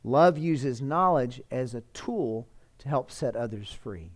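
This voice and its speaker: A man's voice: mid-range voice, animated, takes it slowly. A man preaching a sermon as pastor, earnest and pleading, lifting and dropping his voice for emphasis.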